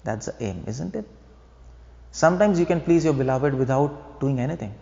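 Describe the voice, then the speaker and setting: This preacher's voice sits at medium pitch, a little mellow, expressive, with vocal fry and an ordinary pace. Speaking in a temple hall that echoes, recorded dull and lo-fi, he gives a devotional talk, laying out ideas, tossing rhetorical questions at listeners, and laughing softly at his own humor.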